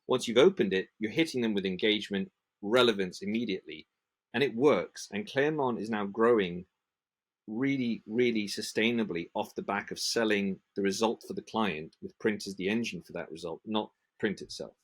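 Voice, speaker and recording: Man, from the UK, low-pitched voice, passionate, acts out dialogues, podcast interview. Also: moderate pace. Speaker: print industry association manager.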